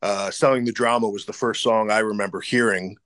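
A man's voice: lowish voice, steady tone, a little fast, a bit bright, no echo. A man who is a guest and longtime fan in a casual interview, earnest and grateful.

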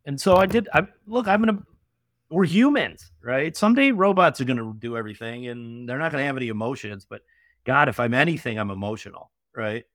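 A young man talks as a podcast guest, emphatic and animated, and drops in "right?" and "like" all the time. His voice sits in a middle pitch. It is recorded close and dry, with no room sound. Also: a little fast, no room sound. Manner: animated, emphatic, many fillers and tag questions. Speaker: podcast guest, venture investor. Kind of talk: casual interview storytelling.

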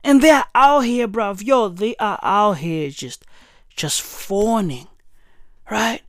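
A woman with doing a casual rant commentary, animated, profane and mocking. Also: mid-range voice, takes it slowly, no room sound, clean studio sound.

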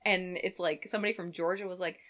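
A woman's voice: on the low side, fairly even intonation, quick pace, a bit bright. A woman co-hosting a podcast in casual comedic chat, teasing and laughing often. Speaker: podcast co-host.

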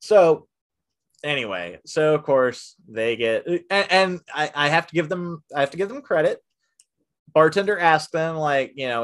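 A man in casual conversation, animatedly telling a story from his job managing a theater, often dropping to hushed asides when quoting himself. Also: a little high, moderate pace.

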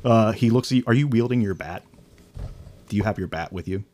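A man's voice: on the low side, brisk, dark tone. A man narrating a tabletop game as game master, in a casual, loose way with lots of fillers.

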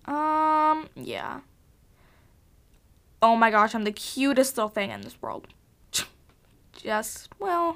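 A young woman with a fairly high voice hosts a casual solo podcast, recorded at home in her basement. She rambles and gushes, bubbly and full of fillers and restarts. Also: wildly swooping pitch, slow pace, long pauses, fairly bright tone, smooth. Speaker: podcast host.

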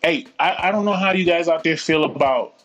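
A man's voice: fairly high pitch, brisk, fairly bright tone, dull audio. A man in his forties co-hosting a casual podcast chat, blunt and profane, ranting freely. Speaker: podcast co-host.

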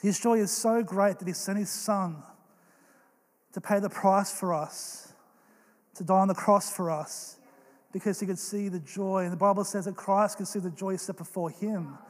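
A young man delivers a sermon with earnest, animated storytelling. His voice sits high for a man. It rings out with a long reverb in a large church hall. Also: normal speed. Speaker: pastor.

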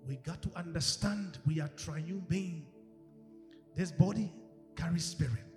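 A male pastor preaching a sermon, animated, acting out quoted voices and swinging from shouts to hushed tones. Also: on the high side, a little slow. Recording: echoey hall with music behind.

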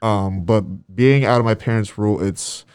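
A man in his twenties chatting as a guest, an animated storyteller who trails off softly at the ends of thoughts. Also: lowish voice, normal speed, clean tone, dry recording, clean studio sound. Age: 20s. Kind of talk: casual faith chat.

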